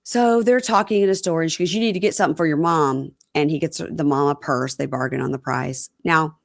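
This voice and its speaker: Lower-voiced woman, animated recapping. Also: brisk, creaky, no room sound, clean studio sound. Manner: animated retelling, acting out quotes. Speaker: podcast co-host recapping reality TV. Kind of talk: casual chat.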